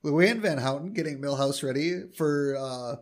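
A man's voice: on the high side, moderate pace. A man co-hosting a podcast, casually recapping a TV episode with lots of "uh" and "um" and quoting the characters' lines. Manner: recaps plot with many fillers and quoted lines. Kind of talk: casual chat.

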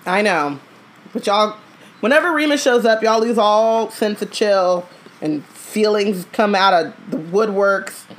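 A woman's voice: medium pitch, a little slow. A young woman co-hosting a casual podcast, teasing and sassy with slangy interjections. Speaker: podcast co-host. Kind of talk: casual banter.

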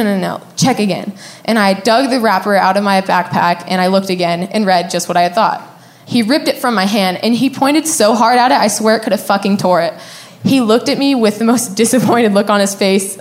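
A young adult woman casually telling a personal story, candid and profane, often laughing as she talks. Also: medium pitch.

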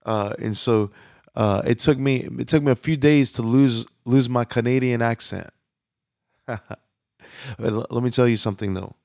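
A male pastor preaching a sermon in an easy conversational flow, often restarting his phrases and dropping in fillers. His mid-pitched voice has a gravelly edge, and the sound is close and dry with no room around it. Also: moderate pace, darkish tone, no room sound.

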